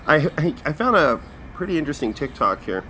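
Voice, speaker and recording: A man's voice: a little high, fairly quick, a little hiss or hum. A man hosting a casual comedy podcast, ranting with lots of swearing. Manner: profane, animated ranting. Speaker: podcast host.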